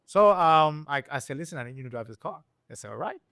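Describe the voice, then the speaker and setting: A man from Rico, a guest and engine builder telling a story in a casual interview, acting out the people he quotes with sudden high voices. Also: fast, vocal fry, no room sound, clean studio sound. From Puerto Rico. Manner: animated storyteller who acts out quoted people with jumps in pitch.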